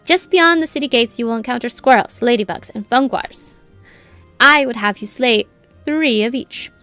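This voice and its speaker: A solemn, commanding forest guild master from a fantasy game, voiced by a woman reading along. The delivery is formal and measured, in a fairly high voice. The sound is dry and close, with faint game music behind. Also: pushed and bright, no room sound. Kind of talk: reading game dialogue aloud.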